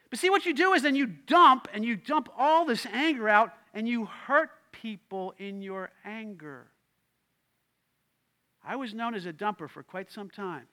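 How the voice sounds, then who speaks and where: A man, the lead pastor, preaching a lively sermon, acting out quoted voices and shouting in bursts. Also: very high-pitched, normal speed.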